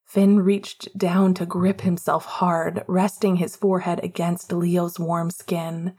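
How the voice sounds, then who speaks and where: A woman narrating a romance audiobook in a hushed, often half-whispered delivery. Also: on the low side, little pitch movement, slow pace, slightly rough.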